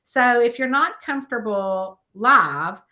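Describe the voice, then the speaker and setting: A woman author talks through her work habits in a relaxed interview. She has a bright, slightly high voice. She tells stories in a lively, chatty way and leans on fillers as she goes. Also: slow pace. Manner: chatty, animated storyteller with many fillers. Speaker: guest author. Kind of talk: casual interview chat.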